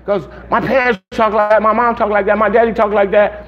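A man's voice: high voice, fast, few pauses, highs cut off. A man preaching to a church congregation in an informal way, telling stories and acting out quotes, often checking in with "okay?". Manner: storytelling, acts out quotes, asks "okay?".

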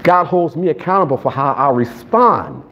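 Fairly high-pitched, a bit bright, and very animated, this preacher moves at a moderate pace through a sermon to a live church congregation. He weaves playful joking asides into call-and-response, captured in a slightly dull recording with faint background noise.

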